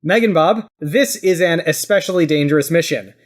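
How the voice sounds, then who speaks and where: A podcast host reading a scenario as narrator in a dry, measured way. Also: medium pitch. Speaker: podcast host running the game.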